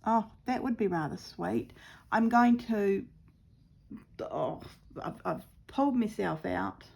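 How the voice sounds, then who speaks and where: Slow, gravelly woman chatting while crafting. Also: mid-range voice, expressive, a little mellow. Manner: chatty, talks to herself, laughs at her own mishaps. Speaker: craft vlogger. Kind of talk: casual talk-through while stitching.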